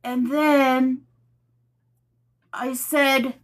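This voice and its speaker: A woman host chatting casually to her viewers, telling a story with animated quotes and laughter. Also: high-pitched, measured pace. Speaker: tarot channel host.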